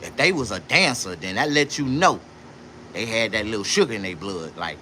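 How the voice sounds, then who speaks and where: A man talking on a live stream from inside his own shop in a casual, boastful, profane, rambling way, jumping between loud bursts and low mutters. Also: animated, moderate pace, a little hiss or hum. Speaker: livestreamer and shop owner.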